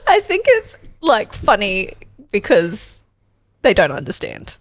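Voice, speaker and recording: Woman, podcast co-host, lively pitch that swoops up and down, laughs a lot, dry close mic. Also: slow, no echo. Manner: laughs often, animated retelling of kids' stories. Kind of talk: casual parenting podcast chat.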